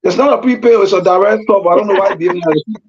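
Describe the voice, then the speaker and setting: A man's voice: sits high, racing, a crowd in the background. A man, a pastor, calling in by phone and explaining his advice in a preacherly manner. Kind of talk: radio call-in discussion. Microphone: phone call. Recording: dull lo-fi phone line.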